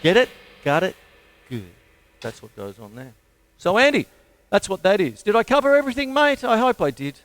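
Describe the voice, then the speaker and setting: A middle-aged Australian man giving a casual drum lesson, counting beats aloud between loud drum playing. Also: sits high, big pitch swings, normal speed, pauses often, a little hiss or hum. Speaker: drum teacher. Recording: drum kit loud behind voice.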